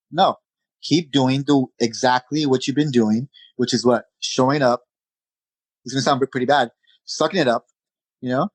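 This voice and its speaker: A man, a jiu-jitsu instructor, chatting as a podcast guest in an energetic, conversational way, with lots of "you know" and "man.". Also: mid-range voice, brisk, husky, no room sound, poor audio. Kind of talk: casual interview chat.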